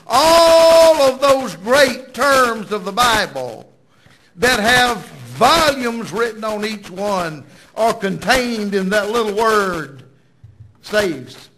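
Male preacher, emphatic sermon delivery, breathy and high. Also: pushed and bright, low-quality recording. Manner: dramatic, emphatic storytelling.

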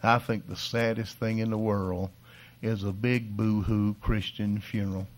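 An older man preaching a sermon in a folksy, animated way, swinging from soft asides to loud exhortation. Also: fairly low pitch, measured pace. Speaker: pastor.

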